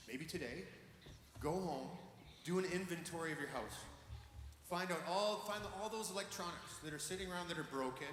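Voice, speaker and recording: A man co-hosting a concert, rousing a young audience from the stage and calling out to them. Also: a little high. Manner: rousing, calls out to the audience and shouts. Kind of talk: energetic stage talk to a crowd. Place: large concert auditorium. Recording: echoey hall, noise behind.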